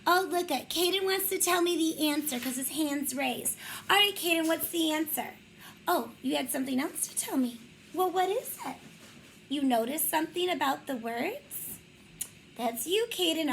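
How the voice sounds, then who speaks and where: Slow, high-voiced woman teacher. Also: a little hiss or hum, rough recording. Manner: slow, encouraging, praising often. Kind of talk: reading a picture book to young children.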